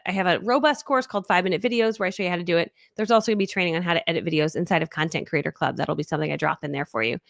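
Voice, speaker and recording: An energetic woman coaching viewers through a live stream, her voice jumping high with enthusiasm and then dropping low as she mutters to herself while searching her screens. Her voice sits at a middle pitch, and the sound is dry and close. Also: vocal fry, no room sound. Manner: energetic, chatty, big upbeat swings in pitch; thinks aloud while fumbling with screens. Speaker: online business coach.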